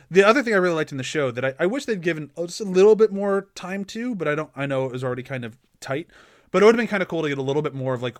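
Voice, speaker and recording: A man, chatting casually about a TV series as podcast co-host, relaxed and agreeable and laughing often. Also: fairly high pitch, dry recording, studio quality.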